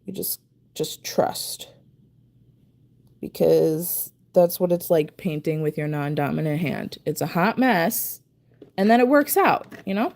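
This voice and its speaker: A woman's voice: lowish voice, moderate pace, darkish tone. A woman chatting casually on a live stream while painting her nails, talking to herself in a self-deprecating way as she concentrates. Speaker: nail art streamer.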